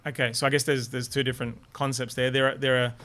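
A man, a defense lawyer guest explaining sentencing carefully and in measured terms. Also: mid-range voice, little pitch movement, a bit bright. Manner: careful, measured, hedges his words.

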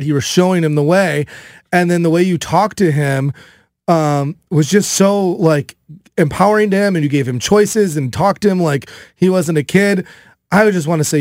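A man in his thirties hosting a radio show, telling a story loudly and animatedly in casual chat. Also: on the high side, no echo, clean studio sound. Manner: animated storytelling, loud and excitable.

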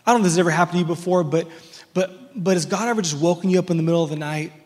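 A man's voice: on the high side, rapid-fire, darkish tone, long reverb tail. A man preaching a sermon as pastor, earnest and repeating words as he restarts his phrases.

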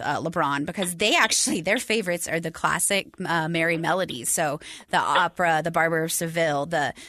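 A woman on a podcast panel chatting casually, animated and quick to laugh. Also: on the low side, no room sound. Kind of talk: casual chat.

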